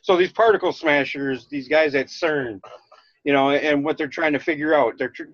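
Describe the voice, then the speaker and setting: A man's voice: a little high, fairly bright tone, no room sound. Rambling Minnesota man on a dull line. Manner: rambling, halting with restarts. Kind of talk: casual chat. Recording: dull lo-fi dry sound.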